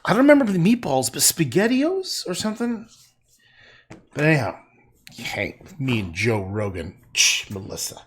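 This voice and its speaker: A middle-aged man chatting casually and gruffly while he paints on a livestream, swearing and laughing often. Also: fairly high pitch, very animated, normal speed, slight background noise.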